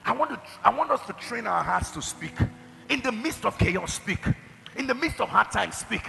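A man delivers a sermon with forceful emphasis, his high voice gravelly and rough. His speech has a bright, cutting edge. The sound carries a long hall reverb. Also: expressive, normal speed. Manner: emphatic preaching, shouted declarations and acted-out quotes. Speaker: pastor.

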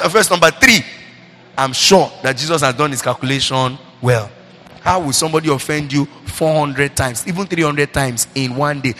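A middle-aged man, a pastor, preaching a sermon into a handheld mic, repeating himself and breaking into lively asides. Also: fairly high pitch, slight background noise. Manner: preaching, repetitive, animated asides. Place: church hall. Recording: reverberant hall with faint ambience.

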